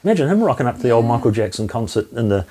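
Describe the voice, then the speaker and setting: A New Zealand man in his fifties telling comedy stories with blunt, frank language. His pitch swings widely as he talks. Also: big pitch swings, rapid-fire, dark tone. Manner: blunt storytelling with frank swearing. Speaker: comedian guest. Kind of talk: casual chat.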